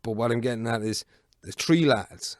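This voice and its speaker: A man's voice: mid-range voice, normal speed, no room sound, clean studio sound. A man in his thirties with an Irish accent, a podcast guest telling a long work story casually, rambling with plenty of fillers and swearing freely. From Ireland. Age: 30s.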